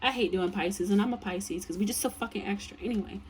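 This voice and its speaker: A woman's voice: medium pitch, fast, recorded from a distance. A tired woman reads tarot in a loose, chatty way, swearing freely and circling back on her words. She sits a little back from the mic, and faint room noise hums underneath. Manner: blunt, profane, chatty with many fillers. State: tired, yawning. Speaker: tarot reader. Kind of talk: casual tarot reading.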